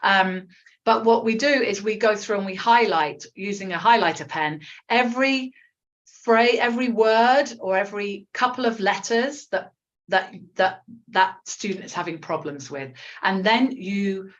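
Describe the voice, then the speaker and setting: A woman's voice: medium pitch, a little slow, dull audio. Chatty English woman teaching online. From England. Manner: chatty, encouraging, frequent ums and self-corrections. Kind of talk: live online English lesson.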